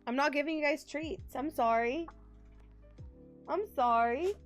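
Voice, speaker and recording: Chatty young woman streamer, higher voice. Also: unhurried, soft background music. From Texas. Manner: chatty and warm, reads and answers chat. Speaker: game streamer. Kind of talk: casual live-stream chat. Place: home.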